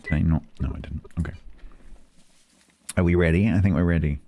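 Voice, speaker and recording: A man's voice: deep voice, steady tone, a little fast, warm tone. A man streaming a role-play game, chatting casually and mumbling to himself with playful asides.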